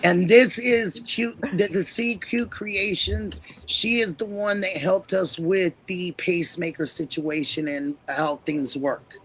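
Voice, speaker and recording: A woman hosting a casual livestream over a video call, talking in a chatty, drawn-out storytelling way. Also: on the low side, slight background noise, poor audio. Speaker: livestream host.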